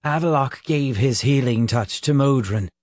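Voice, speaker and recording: A man voicing a scornful old witch who sneers and scolds in a low, hushed voice, as part of a slowly read storybook. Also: no room sound, clean studio sound, lightly acted.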